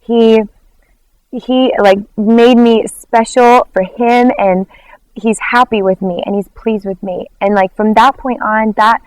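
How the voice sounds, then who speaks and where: A worship leader tells a personal testimony in an interview, animated and acting out quoted dialogue, with lots of "like" fillers. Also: female voice, on the high side, slow, clean tone, dry recording, low-quality recording. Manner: frequent "like" fillers.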